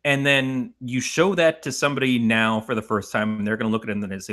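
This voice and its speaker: Animated, profane middle-aged podcast host. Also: male voice, mid-range voice, fairly quick. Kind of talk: casual movie podcast chat.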